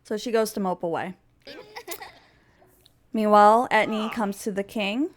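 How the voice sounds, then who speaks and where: A woman's voice: mid-range voice, measured pace. A woman narrating a game story in a chatty, playful way, with giggly asides. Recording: background music under voice.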